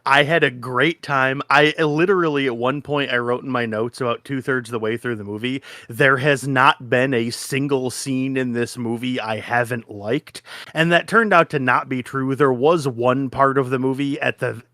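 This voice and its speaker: A man in his thirties co-hosting a podcast, chatting casually and excitedly, swearing often and acting out his own reactions. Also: medium pitch, normal speed, few pauses, dry recording, clean studio sound. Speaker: podcast co-host. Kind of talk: casual chat.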